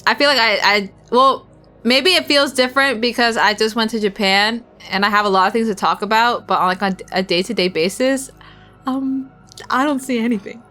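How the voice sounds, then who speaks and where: Bright-voiced young woman streamer chatting. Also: mid-range voice, fairly quick, soft background music. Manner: rambling, giggly, talks while eating. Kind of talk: casual chat with viewers.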